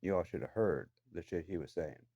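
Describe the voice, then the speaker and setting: A man's voice: low voice, fairly quick, creaky, dark tone, no echo, muffled recording. A man delivering an angry, profane, accusatory rant to the camera from his own room downstairs in a house. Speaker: vlogger.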